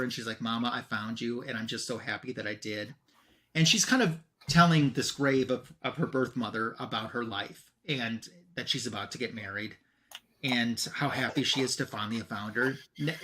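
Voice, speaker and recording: Man, co-host, casual comic recap, offhand quoting of characters, mid pitch. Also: bright, forceful tone. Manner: retells scenes with "he's like" quotes.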